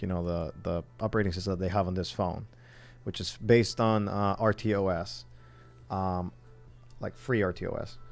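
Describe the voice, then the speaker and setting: A man from the southern United States with a low, somewhat mellow voice chats casually on a livestream while assembling a phone kit. He rambles and thinks aloud as he works.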